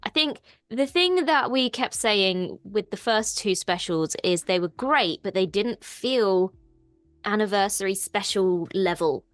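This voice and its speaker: A woman's voice: medium pitch, expressive, unhurried, no room sound, soft background music. A woman with an Irish accent co-hosting a casual TV discussion, chatty and enthusiastic. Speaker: co-host.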